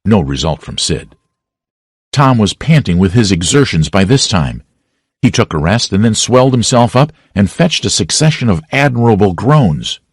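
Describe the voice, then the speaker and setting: A man narrates a classic story with a low, husky voice that moves a lot in pitch. The sound is dry and close, with no room echo. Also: normal speed. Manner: expressive storytelling. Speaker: audiobook narrator. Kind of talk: scripted narration.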